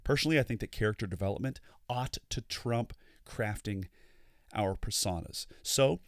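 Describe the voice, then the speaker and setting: A man co-hosting a ministry podcast, telling stories in an animated way with preacherly asides. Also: on the low side, moderate pace, dry recording, clean studio sound. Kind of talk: storytelling podcast chat.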